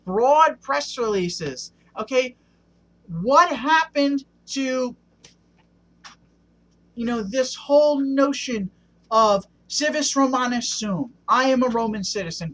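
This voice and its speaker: A man's voice: extremely high pitch, pushed and bright, rough recording. A man ranting passionately in a one-take video monologue, punctuating points with a questioning "okay?". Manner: passionate, keeps asking "okay?". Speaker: vlogger.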